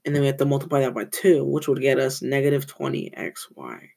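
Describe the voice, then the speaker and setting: Rambling teen student with vocal fry. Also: mid-range voice, lively intonation, a little fast, darkish tone, low-quality recording. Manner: rambling, often corrects itself, tells corny jokes. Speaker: student podcast host. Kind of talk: casual school podcast recap.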